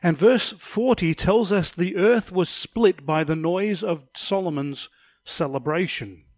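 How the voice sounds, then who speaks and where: Man, Bible study teacher, slightly high voice, dry close sound, explanatory, refers to slides. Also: a little slow, darkish tone, no echo.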